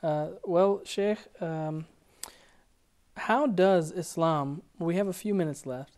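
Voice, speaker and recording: A man hosting an interview, softly affirming his guest and asking questions. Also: fairly high pitch, takes it slowly. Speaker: host.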